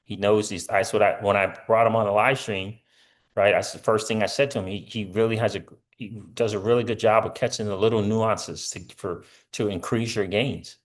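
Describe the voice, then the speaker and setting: A man's voice: fairly low pitch, fairly even intonation, moderate pace. A middle-aged man hosting a casual crypto livestream, rambling with lots of fillers and answering viewer comments.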